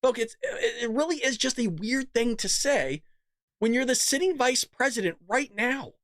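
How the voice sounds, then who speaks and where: A man's voice: very high voice, lively intonation, moderate pace, fairly bright tone, dry recording, clean studio sound. A man hosting a casual political commentary show in a mocking, sarcastic way. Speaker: show host.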